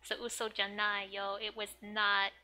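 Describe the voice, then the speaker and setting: A woman's voice: measured pace, a little hiss or hum. A woman teaching Japanese from a manga in a casual, chatty way, giggling often and filling her talk with "like" and "um". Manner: reads manga lines in high excited character voices. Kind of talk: casual manga reading lesson.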